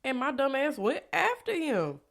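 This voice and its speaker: A woman vlogger telling a candid personal story in a blunt, profane way. She drops into low confiding tones and jumps to loud, exasperated outbursts, tagging lines with rhetorical questions. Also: big pitch swings, normal speed, creaky.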